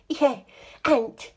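In a children's alphabet sing-along, a woman uses a high voice to play a cheerful, curious little male toy friend. She talks in a sing-song way and gasps with delight.

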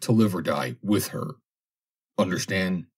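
A man reading an audiobook, voicing a grim, hard-bitten submarine officer with a low, menacing delivery. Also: animated, unhurried. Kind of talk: audiobook character voice.

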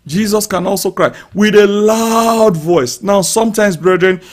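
A man preaching a sermon in a high-pitched voice for his build. He reads scripture calmly, then turns fervent, crying out, declaring and praying loudly over the people listening. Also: unhurried. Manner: fervent preaching, rising to loud shouts; speaks in tongues and prays aloud over listeners. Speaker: pastor. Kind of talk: live-streamed sermon.

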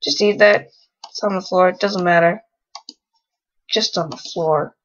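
A woman's voice: fairly low pitch, unhurried, dull audio. A young woman casually commenting on a life-sim game she is playing and talking to its characters in a teasing way. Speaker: let's play gamer.

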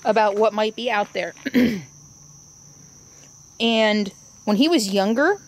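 Speaking slowly in a medium-pitched voice, a woman shares reflective thoughts about her RV life in a casual vlog monologue. She's outdoors at a trailhead, and her talk rambles and restarts as she goes.

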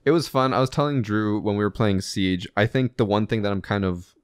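A man co-hosting a podcast, chatting casually and telling stories quickly with acted-out quotes. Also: lowish voice, smooth, dry recording, clean studio sound. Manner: rapid storytelling with acted-out quotes. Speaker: podcast co-host. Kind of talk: casual chat.

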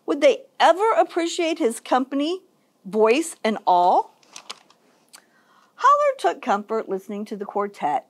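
This woman's voice is high and unhurried as she reads a picture book aloud for story time. She is a children's librarian, and her storytelling is expressive and sing-song.

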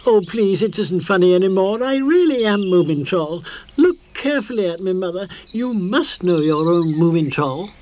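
A British man voicing an excitable young male troll creature in a storybook cartoon, talking in eager, boastful bursts. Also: medium pitch, a little slow, a little hiss or hum. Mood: upset. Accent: British English.

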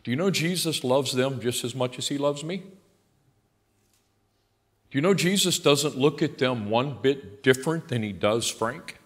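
Older male pastor, emphatic folksy sermon, mid-pitched voice, reverberant sanctuary. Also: a little slow. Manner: emphatic, swinging from quiet asides to loud passionate outbursts; blunt and folksy. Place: large church sanctuary. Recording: long hall reverb in a church.

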